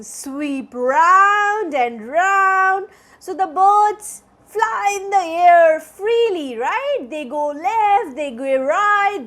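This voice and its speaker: A woman teacher reads a picture book to toddlers in a very high, sing-song voice that leaps up and down. She takes her time over every line. She keeps asking the little ones questions and acts out the bird calls. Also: a bit bright. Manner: sing-song, coaxing, asks children questions; acts out bird sounds between lines. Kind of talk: reading a picture book aloud to young children.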